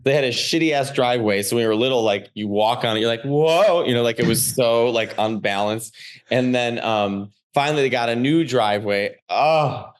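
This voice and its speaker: A man, a comedian guest, telling rambling, animated stories on a casual podcast, swearing freely. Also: medium pitch, brisk.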